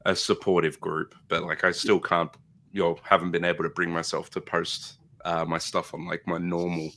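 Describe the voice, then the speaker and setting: A man's voice: deep voice, flat delivery, normal speed, bright, forceful tone. A man chatting casually as a guest, hesitant and self-deprecating, stumbling over his words. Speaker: guest model painter. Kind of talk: casual chat.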